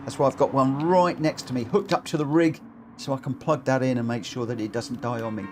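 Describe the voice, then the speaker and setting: A man hosting and commentating online racing in a chatty, excitable, jokey way over a live stream. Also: medium pitch, fairly quick. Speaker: race commentator and lobby host. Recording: game audio noise behind.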